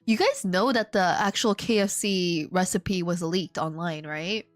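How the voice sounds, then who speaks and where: A woman's voice: lowish voice, measured pace, dry recording, soft background music. A woman streamer playing a game live, joking and chatting animatedly with her viewers. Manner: animated, joking, talks to chat.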